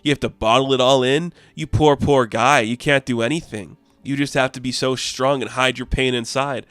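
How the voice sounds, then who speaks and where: A man's voice: medium pitch, fairly even intonation, moderate pace, fairly bright tone, smooth, no echo, lightly acted. A man voicing a bitter, brutish male smith god who taunts his enemy. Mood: taunting. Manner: sneering, taunting.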